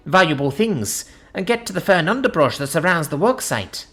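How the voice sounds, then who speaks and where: A woman reading a first-person science-fiction story aloud in an expressive, dramatic narration. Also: sits low, normal speed, few pauses.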